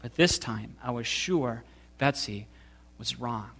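A man reading a memoir passage aloud to listeners in a slow, deliberate, expressive way. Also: mid-range voice. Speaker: reader.

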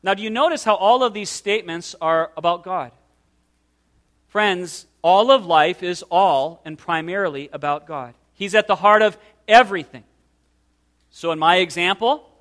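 Bright-voiced earnest male preacher. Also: high voice. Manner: earnest, pastoral, slows for emphasis. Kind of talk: sermon.

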